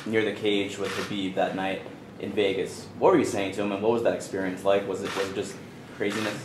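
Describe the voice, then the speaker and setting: A man asking interview questions as a reporter, a little halting as he goes. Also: lowish voice, little pitch movement, echoey room, background noise.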